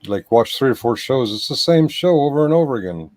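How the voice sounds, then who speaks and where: A man's voice: medium pitch, lively intonation, a little mellow, no echo. A man from the United States hosts a casual livestream, talking in a rambling way, full of false starts and repeated words. His voice sits in an ordinary middle range, and the sound is dry and close. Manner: rambling, halting restarts. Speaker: livestream host.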